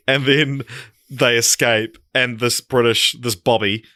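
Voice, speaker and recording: Young man, bright rambling podcast chat. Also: medium pitch, fairly even intonation, slow, dry recording, clean studio sound. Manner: rambling, laughing storyteller. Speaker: podcast co-host. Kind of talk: casual chat.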